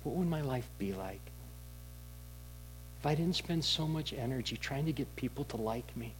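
A man preaching a sermon in a candid, conversational storytelling way, with halting restarts. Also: mid-range voice, expressive, a little hiss or hum, poor audio. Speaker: pastor.

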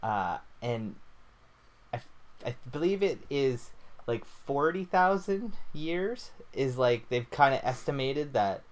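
A man's voice: mid-range voice, sing-song, slow. A young man co-hosting a casual podcast, goofy and rambling, laughing often. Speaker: podcast co-host. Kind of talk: casual chat.

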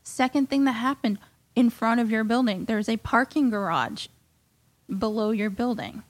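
A woman guest telling a comic story in a profane, animated and indignant rant. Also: fairly high pitch, moderate pace, no room sound.

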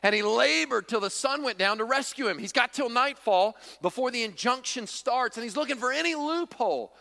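Bright-voiced man preaching in a hall. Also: very high voice, animated, fairly quick, gravelly. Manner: emphatic, repetitive, folksy humor. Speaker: pastor. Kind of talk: sermon.

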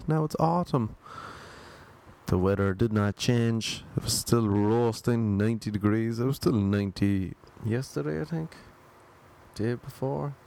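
A man's voice: fairly low pitch, a little mellow. A man hosting a casual solo podcast, rambling and joking asides to himself. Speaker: podcast host. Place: home in Los Angeles.

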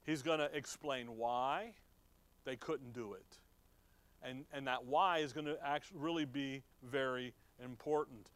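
A man's voice: mid-range voice, measured pace, fairly bright tone, dry recording. A middle-aged man teaching from the Bible in a conversational way, reading verses aloud and asking his listeners questions. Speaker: preacher.

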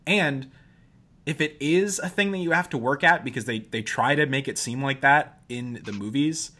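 A man's voice: mid-range voice, moderate pace, bright, forceful tone. A man in casual podcast chat, blunt and teasing, swearing freely. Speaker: podcast co-host.

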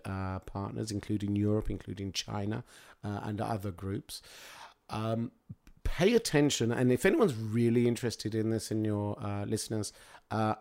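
Chatty male guest telling lively stories. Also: lowish voice, vocal fry. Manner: lively anecdotal storytelling with frequent fillers. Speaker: guest speaker. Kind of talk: casual interview chat.

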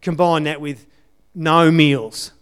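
A man shares his testimony at church in a conversational sermon, speaking earnestly and repeating his key phrases. His voice sits on the high side, fairly bright, clear and resonant, with fairly even intonation and a slow pace.

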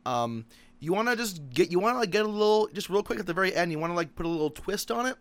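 High-voiced man, crude joking banter. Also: expressive, fast talker, a bit bright. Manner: joking, crude, loose, swearing freely. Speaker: podcast co-host.

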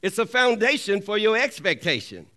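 A man's voice: high-pitched, very animated, moderate pace, pushed and bright. A man preaching a sermon with emphatic call-and-response, often asking the congregation for an amen and repeating key lines for emphasis.

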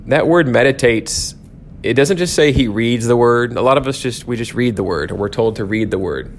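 A man's voice: mid-range voice, normal speed, a little hiss or hum. A man teaching an informal Bible lecture at a church, talking conversationally and correcting himself often, with many "um"s and "okay?"s.

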